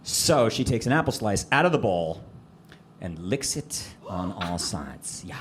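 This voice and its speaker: A man's voice: on the low side, measured pace. A man performing a stand-up set on a comedy club stage, telling stories and acting out dialogue into a handheld mic. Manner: animated storytelling, acting out dialogue. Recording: live club audio with room noise. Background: audience laughter.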